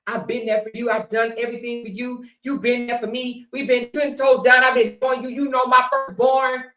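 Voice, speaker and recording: A woman mocking a male panelist who swings from whiny, soft pleading to screaming, profane rage. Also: a little high, flat delivery, moderate pace, soft background music. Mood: meek pleading.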